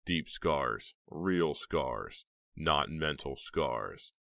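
A very deep, slow, sneering voice of a cold young blackmailer, played by a man. He sounds flat and menacing, close to a dry mic. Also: vocal fry, no room sound, heavily acted.

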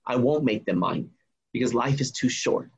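A man's voice: mid-range voice, animated, moderate pace, husky. A man in his forties, a memoir author, telling his story earnestly and emphatically as a podcast guest. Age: 40s. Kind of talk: casual podcast conversation.

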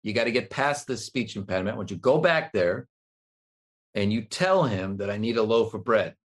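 A man's voice: fairly low pitch, animated, normal speed, lightly acted. A man voicing a bossy, impatient mother who talks in curt orders. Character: bossy uncaring mother, middle-aged woman.

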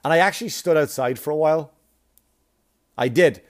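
A man doing stand-up, telling a long story in a profane, animated way with laughing asides. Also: a little high, a little fast. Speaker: comedian.

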